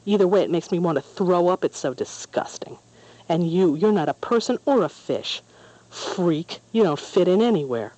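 Storybook bully boy, jeering and spiteful, mellow tone, put on by the reader. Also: mid-range voice, lively intonation, normal speed, dry recording, close to an everyday voice, rough recording. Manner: sneering, taunting.

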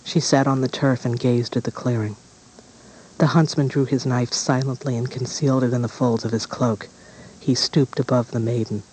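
A man narrating a dark fairy tale at a deliberate pace. His voice sits in an ordinary middle range. He reads each image steadily and with care. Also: medium pitch, fairly even intonation, slight background noise, poor audio.

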